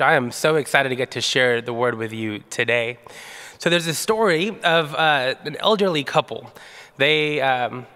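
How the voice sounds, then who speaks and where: Conversational male pastor in a reverberant hall. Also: a little high. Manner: relaxed, conversational, with fillers. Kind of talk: sermon with storytelling.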